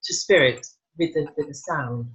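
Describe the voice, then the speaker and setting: A woman's voice: sits low, normal speed, fairly bright tone, breathy edge. A woman hosting an interview who asks long, searching questions, hesitating and restarting often. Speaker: host and spiritual practitioner. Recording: dull lo-fi sound.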